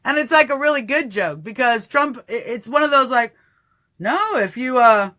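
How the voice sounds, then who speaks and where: A woman giving an animated political commentary on a livestream, mocking opponents, acting out voices and laughing at her own jokes. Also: on the high side, normal speed.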